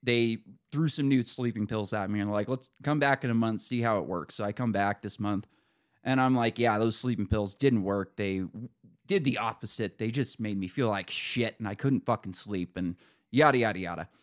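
A man hosting a podcast, casually telling an exasperated, animated story with some swearing. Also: on the low side, normal speed. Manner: animated, exasperated retelling with profanity. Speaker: podcast host.

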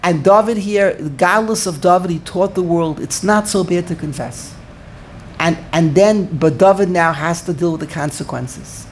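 An older man teaching an informal Torah class, animated, repeating words and searching for the right word. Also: high voice, normal speed, a little hiss or hum.

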